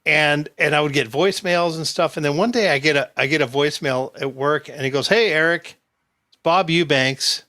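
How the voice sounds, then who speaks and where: A man's voice: on the high side, a little fast, few pauses. A man casually telling a long anecdote to friends, acting out what people said and laughing often. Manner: animated storyteller, acts out quotes, laughs often. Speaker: podcast host. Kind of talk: casual storytelling chat.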